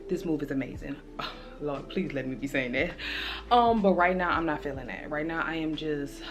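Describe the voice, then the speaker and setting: A young woman chatting at home in a confiding vlog diary, open about her feelings. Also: low-pitched. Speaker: vlogger. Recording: music playing underneath.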